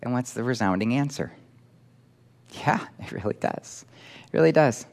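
A man preaching a sermon, emphatic and animated, acting out quoted voices as he teaches. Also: medium pitch, moderate pace, creaky.

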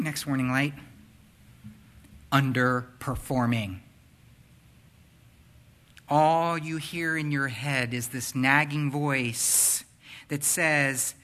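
A man preaching a sermon, swinging between loud, urgent passages and hushed, near-whispered ones. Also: mid-range voice, slow pace, long pauses. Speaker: pastor.

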